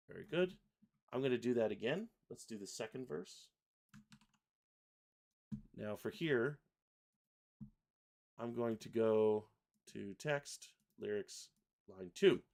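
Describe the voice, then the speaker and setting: Slow, gravelly-voiced man demoing software. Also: medium pitch. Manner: relaxed, chatty, reads lyrics aloud while typing and clicking. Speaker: host, software product designer. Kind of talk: livestream software tutorial. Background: keyboard typing and mouse clicks.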